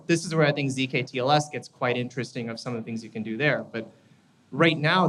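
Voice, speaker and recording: A man's voice: mid-range voice, a bit bright, a little hiss or hum, low-quality recording. Conversational man explaining on a panel. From United States. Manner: conversational, explanatory, tag questions. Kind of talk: panel discussion.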